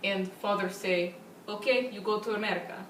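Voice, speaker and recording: A woman's voice: mid-range voice, normal speed, close to an everyday voice. A woman voicing a gloomy Eastern European peasant who tells grim jokes in broken English. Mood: deadpan. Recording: roomy, distant, faint noise.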